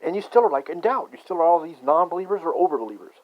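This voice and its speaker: A man in a rambling, profane conspiracy rant that swings from muttering to shouting. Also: on the high side, animated, racing. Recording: dull lo-fi recording.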